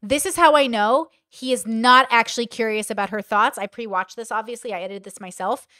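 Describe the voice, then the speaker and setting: A woman's voice: on the high side, brisk, bright, forceful tone, no room sound, clean studio sound. A woman hosting a reaction commentary, blunt and exasperated, swearing and acting out what others say. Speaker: commentary host. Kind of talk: reaction commentary on stream clips.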